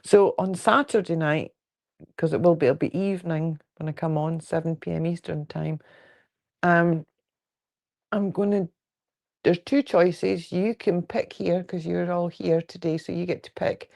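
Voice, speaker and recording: A woman's voice: lowish voice, fairly even intonation, measured pace, vocal fry, darkish tone. A woman with a Fife Scottish accent, chatting casually and frankly on a quilting livestream at home, rambling and joking while answering viewer comments. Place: at home indoors.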